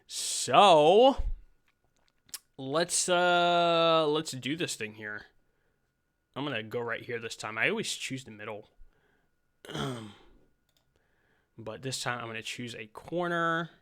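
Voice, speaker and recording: A man's voice: medium pitch, slow pace, pauses often. A man giving casual, rambling gameplay commentary, full of fillers. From United States. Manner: rambling, relaxed, lots of fillers. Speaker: gaming channel host.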